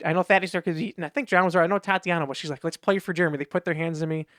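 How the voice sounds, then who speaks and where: A man's voice: on the high side, steady tone, rapid-fire, fairly bright tone, no echo, studio quality. A man co-hosting a podcast in casual chat, rambling through anecdotes and acting out what people said in raised voices. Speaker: podcast co-host.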